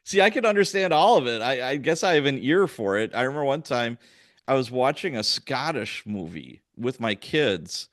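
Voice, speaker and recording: A man's voice: medium pitch, sing-song, normal speed, no room sound, clean studio sound. A man hosting a podcast in casual chat, with a Chicago and Wisconsin accent touched by Irish, laughing easily and joking. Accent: Chicago and Wisconsin, with some Irish influence. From US Midwest. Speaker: podcast host.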